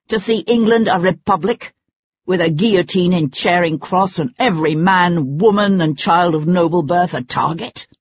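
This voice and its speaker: Audiobook villain: reader playing a menacing male conspirator, husky, lo-fi audio. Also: medium pitch, no room sound. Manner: menacing, persuasive. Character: ruthless male conspirator, cold and threatening. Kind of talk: audiobook character voice. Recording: dull lo-fi recording.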